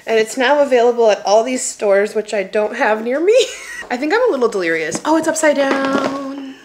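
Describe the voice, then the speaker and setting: A bubbly young woman talks to her viewers from her home, her pitch leaping up and down with excitement. Her voice sits a little on the high side. The room around her is noticeably echoey. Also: normal speed, slight background noise. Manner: bubbly, chatty, laughs often. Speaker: lifestyle vlogger. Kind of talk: casual vlog chat. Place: home, indoors.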